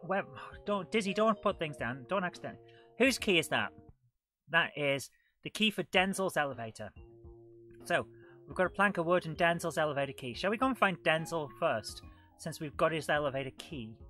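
Bright-voiced woman streaming a game. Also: low-pitched, animated, a little fast, faint music behind. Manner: chatty and self-mocking, greets chat viewers. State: coughing and out of breath. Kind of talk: live gameplay commentary.

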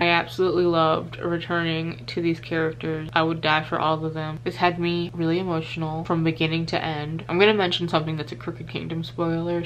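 A woman's voice: lowish voice, slight background noise. A young woman book vlogger chatting casually at home, gushing and swearing freely. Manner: gushing, profane, jokey. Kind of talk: casual reading vlog chat.

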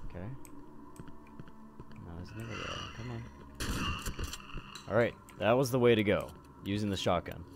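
Young gamer, low voice, yelps and swears through scares, background noise audible. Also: male voice, moderate pace, creaky, long pauses. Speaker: gameplay commentator. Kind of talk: horror game let's play commentary.

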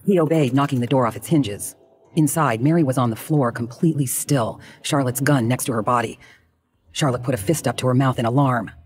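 A man narrating a true crime drama in a measured, dramatic storytelling manner. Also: mid-range voice.

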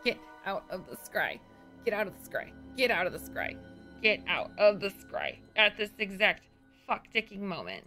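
A woman streaming a horror game, panicking out loud, swearing, repeating herself and dropping to whispers. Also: mid-range voice, animated, moderate pace, soft background music. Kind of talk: live horror game commentary.

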